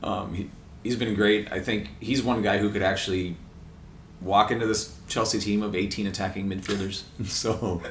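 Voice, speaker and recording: A man with a low voice chats on a podcast, counting down transfers with easy enthusiasm. The room is echoey, and faint noise sits under the voice. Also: fairly even intonation, moderate pace, fairly bright tone. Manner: enthusiastic, listing transfers with frequent laughs. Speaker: podcast co-host. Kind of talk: casual soccer chat.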